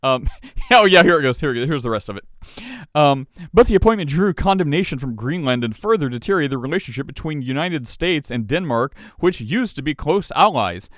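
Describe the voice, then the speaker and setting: A man's voice: fairly high pitch, lively intonation, brisk, fairly bright tone, dry recording, studio quality. A man co-hosting a podcast, reading news stories aloud with sarcastic asides and laughs. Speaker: podcast co-host.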